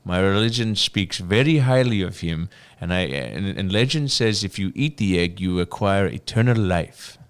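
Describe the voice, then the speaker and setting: An earnest, rambling traveler with a put-on South Asian accent, as a man puts him on. He speaks haltingly, with a smooth, clear voice and a lively, swooping pitch. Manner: halting, giggly delivery.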